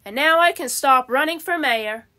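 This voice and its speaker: Storybook: woman reading earnest housekeeper, high bright voice, slow and emphatic. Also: animated. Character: cheerful literal-minded housekeeper woman.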